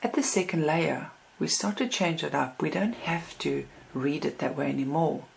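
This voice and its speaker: A woman teaching how to read a card deck, in a calm, reflective way, reading sample card readings aloud. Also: low voice, normal speed, gravelly, a little hiss or hum. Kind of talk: instructional talk.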